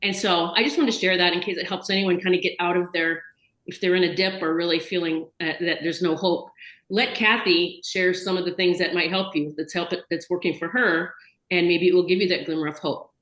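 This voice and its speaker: A woman's voice: lowish voice, fairly even intonation, brisk, fairly bright tone, reverberant, poor audio. A woman hosting a casual video chat interview, chatty and enthusiastic, talking in long run-on bursts over a video call. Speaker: host.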